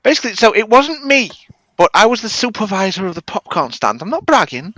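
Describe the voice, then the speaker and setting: A woman's voice: medium pitch, brisk, very noisy. A woman, a comedy guest, telling stories in a casual podcast chat with lots of laughter. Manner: animated storyteller, laughs often.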